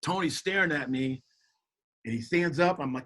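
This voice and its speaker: A middle-aged man telling a story as a podcast guest, animated and jokey, acting out quotes in shifting voices. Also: a little high, fairly quick. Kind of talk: casual storytelling.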